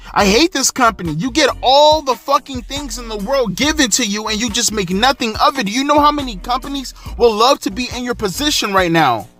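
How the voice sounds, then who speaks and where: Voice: high-pitched, sharp tone. A wrestling vlogger in an angry, profane, exasperated rant, delivering heated commentary. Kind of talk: ranting commentary.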